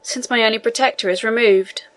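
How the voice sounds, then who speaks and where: A woman's voice: on the high side, a little fast, fairly bright tone, lightly acted. A woman voicing a young male sailor held in prison, earnest and imploring in a storybook reading. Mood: pleading.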